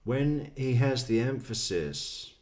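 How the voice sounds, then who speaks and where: A man's voice: mid-range voice, expressive, slow, a little mellow. A man giving sardonic true crime commentary, laughing often at what he plays. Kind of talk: casual commentary.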